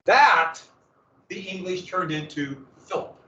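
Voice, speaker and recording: A man's voice: high voice, slow pace, pushed and bright, distant mic. A man teaching a history class in a casual lecture, with joking asides and dramatic emphasis. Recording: echoey, muffled classroom recording from afar.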